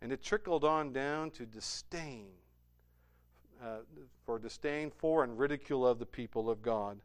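Smooth-voiced male preacher, emphatic and dynamic. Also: moderate pace. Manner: rising to emphatic peaks, then dropping to soft, low endings. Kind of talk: sermon.

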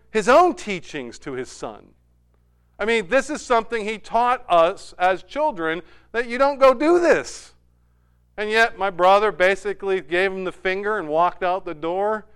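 A middle-aged man preaching a sermon in a smooth, resonant voice that sits fairly high for a man. He tells a family story and builds to emphatic, climbing peaks. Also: fairly bright tone. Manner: storytelling, rising to emphatic heights. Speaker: pastor.

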